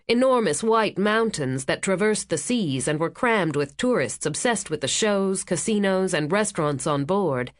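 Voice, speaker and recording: An audiobook narrator reading a thriller in a steady, even scripted narration. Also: medium pitch, no room sound, clean studio sound.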